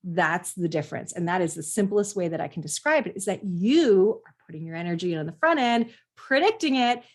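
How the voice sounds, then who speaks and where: A middle-aged woman, a parenting coach, talking earnestly to parents in a conversational teaching style and sometimes acting out what parents and children say. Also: medium pitch. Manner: earnest, explanatory, acts out quoted parents and kids.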